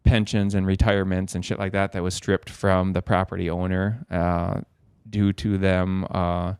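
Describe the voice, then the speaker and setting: A man's voice: deep voice, level tone, normal speed, darkish tone, smooth, dry recording, studio quality. Profane, rambling man telling his story. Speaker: podcast guest. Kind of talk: casual storytelling.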